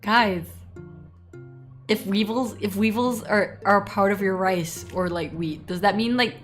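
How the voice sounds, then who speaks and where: A woman streamer chatting casually and telling animated stories, laughing often. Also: mid-range voice, a little slow, soft background music. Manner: giggly, animated storytelling with frequent laughs. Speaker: VTuber streamer. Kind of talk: casual livestream chat.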